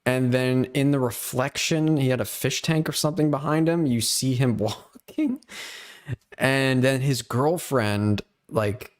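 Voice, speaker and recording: A man talks loosely on a livestream, relaxed and chatty as he tells a story. His voice stays at a plain middle pitch. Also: unhurried. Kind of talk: casual chat on a live stream.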